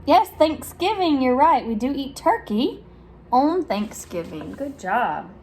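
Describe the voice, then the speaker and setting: Slow and sing-song, a woman speech therapist reads a picture book to small children, pausing to ask questions and stressing each sound for their benefit. Her praise comes with large, exaggerated pitch jumps, and a little hiss or hum is audible.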